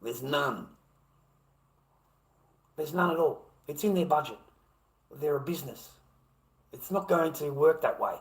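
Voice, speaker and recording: A man's voice: fairly high pitch, animated, unhurried, long pauses, low-quality recording. A middle-aged Australian man chatting on a live stream, blunt and profane, often stammering and restarting his sentences. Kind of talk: casual live-stream chat.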